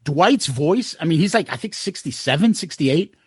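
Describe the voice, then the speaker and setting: A man's voice: fairly high pitch, expressive, normal speed, husky, dry recording, studio quality. A man co-hosting a podcast, telling a long rambling concert story in casual chat, full of quoted asides and swearing. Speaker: podcast co-host.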